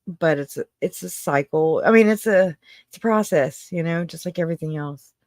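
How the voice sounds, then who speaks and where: A livestream host talks loosely to viewers and reads out their comments in a rambling, emotional way, often breaking into laughter. The pitch sits at a middling level. The recording is dry and close, with no room echo. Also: moderate pace, darkish tone. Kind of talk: casual livestream chat, reading out viewer comments.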